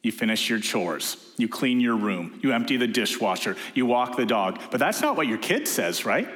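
A man's voice: mid-range voice, normal speed. A man preaching a sermon, telling stories and acting out quotes in different voices. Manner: lively storyteller, acting out quotes in character voices. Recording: echoey hall reverb.

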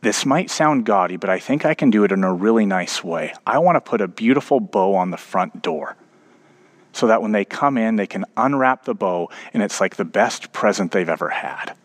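A pastor plays a keen male builder pitching an idea in a sermon anecdote. He sounds earnest and persuasive. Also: animated, moderate pace. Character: eager male house builder.

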